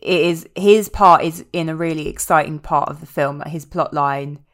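Woman, podcast co-host, casual banter, jokey, a touch low-pitched, sweary. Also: fairly bright tone. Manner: joking, quick banter, swears. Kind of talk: casual chat.

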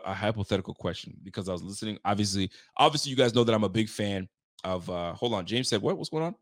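A man's voice: mid-range voice, a bit bright, dry recording, studio quality. Slangy, joking male sports host. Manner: loose, joking, slangy and laughing often. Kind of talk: casual post-game reaction chat. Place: Nova Scotia.

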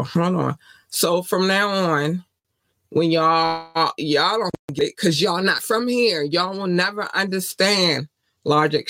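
A podcast host from Baltimore, USA, speaks with a Baltimore accent in a slightly high, fairly bright voice on a dry recording. His casual monologue is passionate and defiant, and he keeps repeating his points.

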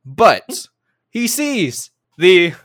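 A man narrates as game master of a tabletop game in a chatty way, stammering through restarts. His voice sits a little high and moves in a lively way. It is recorded close and dry. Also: very slow, no echo.

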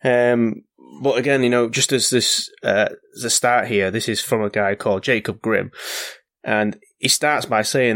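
A man co-hosting a podcast who chats casually, full of fillers and restarts. Now and then he reads an old folk tale aloud. His voice sits at a middling pitch, recorded dry and close. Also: steady tone, unhurried, a bit bright, no room sound.

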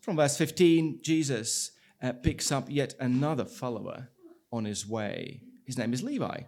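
A man pastor preaching a sermon, telling the story in an animated way and acting out the people's lines. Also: mid-range voice, measured pace. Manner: animated storytelling with acted-out dialogue.

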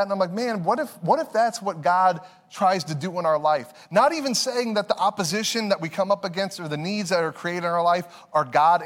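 A man's voice: high voice, fairly bright tone. A man in his thirties preaching a conversational sermon, telling stories with laughs and repeated words. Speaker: pastor. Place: church sanctuary. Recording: long hall reverb.

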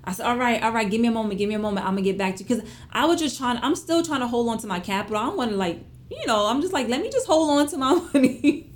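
Animated chatty woman telling a story. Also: fairly high pitch, very fast, few pauses. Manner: animated, expressive, chatty with lots of fillers. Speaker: vlogger. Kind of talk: casual storytelling to viewers.

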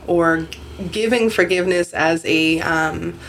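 A Canadian woman hosts a casual podcast in a fairly low, somewhat bright voice at a slow pace. She rambles with lots of fillers and restarts, swearing now and then.

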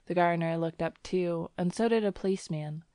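A woman reading a story aloud in a gentle, even narration. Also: on the low side, a little fast, clear, resonant tone, no echo, studio quality. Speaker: audiobook reader. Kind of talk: scripted narration.

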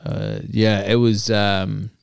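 Slow, hesitant man. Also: on the low side, little pitch movement, vocal fry, smooth, dry recording, clean studio sound. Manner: slow, hesitant, jokey storytelling with many fillers. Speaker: guest. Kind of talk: casual podcast chat.

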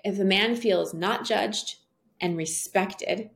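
A woman speaking as a guest in a casual interview, telling stories in an earnest, animated way. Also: medium pitch, takes it slowly, vocal fry.

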